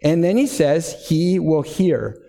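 A middle-aged man preaching a sermon, earnest and deliberate, slowing down to stress key words. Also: fairly high pitch, lively intonation, creaky, dark tone, in a large hall. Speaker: pastor.

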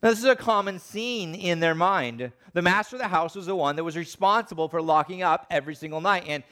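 A man preaching a sermon, animated, acting out the voices of the people he quotes. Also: high voice, fairly quick, clear, resonant tone.

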